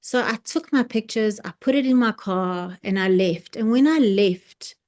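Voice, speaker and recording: A woman speaks over a video call, recounting a personal conflict to an online circle. Her voice sits at an ordinary middle pitch, and she slips into quoted dialogue, restarting sentences as the story carries her. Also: measured pace. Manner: animated retelling with quoted dialogue, frequent restarts. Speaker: participant in an online sharing circle.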